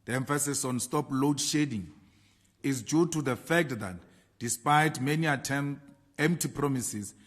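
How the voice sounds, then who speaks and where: A South African man, a party leader, reading a prepared political statement with slow, emphatic delivery of lists. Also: medium pitch.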